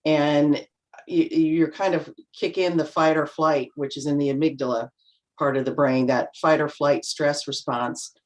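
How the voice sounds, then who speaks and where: A woman's voice: low voice, fairly even intonation, measured pace, darkish tone. Chatty middle-aged woman on a video call. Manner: chatty, anecdotal, acts out little quotes. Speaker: panel guest. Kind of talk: casual panel talk.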